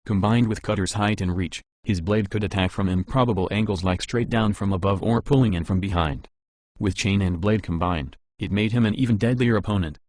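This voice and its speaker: A man reading an audiobook as its narrator, in a steady, even scripted narration. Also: fairly low pitch, brisk, no room sound.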